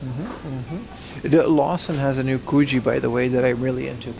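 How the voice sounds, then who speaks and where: A man's voice: medium pitch, fairly even intonation, moderate pace, creaky, warm tone, a little hiss or hum. A man casually chatting on a livestream as he browses a secondhand shop, slangy and talkative, answering his chat.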